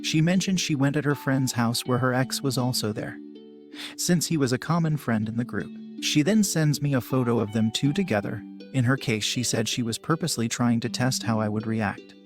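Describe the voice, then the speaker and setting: A man reading submitted relationship stories aloud as scripted first-person narration, with sudden rises in pitch and force. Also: normal speed, over music.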